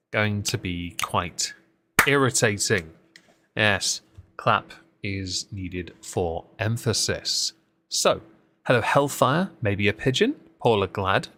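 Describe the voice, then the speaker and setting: A man's voice: lowish voice, sharp tone, slight background noise. A man hosting a casual live-stream commentary, talking with dry, sarcastic asides and frequent ums as he greets chat and reads through posts.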